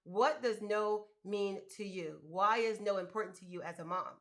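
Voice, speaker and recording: A woman's voice: mid-range voice, normal speed. Chatty, emphatic woman coaching moms. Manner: animated, emphatic, colloquial and chatty. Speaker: host giving business grant advice. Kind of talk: motivational live-stream talk.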